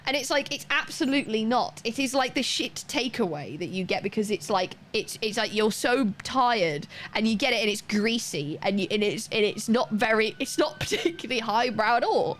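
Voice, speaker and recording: A woman's voice: medium pitch, animated, moderate pace, a little hiss or hum. A woman from Wales with a neutral British accent, chatting casually and rambling while streaming a game. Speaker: live streamer. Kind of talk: casual chat while gaming.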